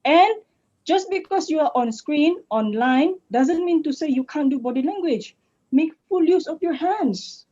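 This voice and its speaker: A Malaysian woman with a fairly high voice coaches over a video call in a playful, teasing manner, swinging her pitch up and down to make her points. Her Malaysian English accent comes through clearly. The audio is dull and lo-fi, like a video call. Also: lively intonation, unhurried, dark tone. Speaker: public speaking coach. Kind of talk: online workshop talk.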